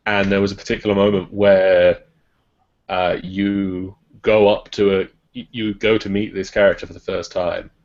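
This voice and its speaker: A man co-hosting a podcast, chatting casually and jokingly about a game. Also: sits low. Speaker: podcast co-host. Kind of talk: casual chat. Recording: dull lo-fi podcast audio.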